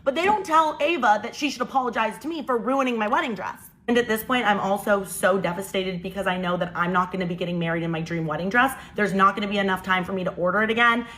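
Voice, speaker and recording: A young woman telling a casual storytime monologue, animated and incredulous as she recounts events. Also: medium pitch, fast, few pauses, rough recording. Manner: animated, incredulous, quotes people in changed voices.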